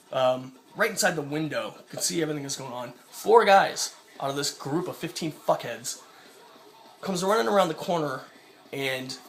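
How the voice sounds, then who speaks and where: A man's voice: fairly high pitch, fairly bright tone, slight background noise. A young man telling an angry personal story in a vlog, swearing a lot and acting out the people he quotes. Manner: profane, ranting, acts out quoted voices. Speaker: vlogger.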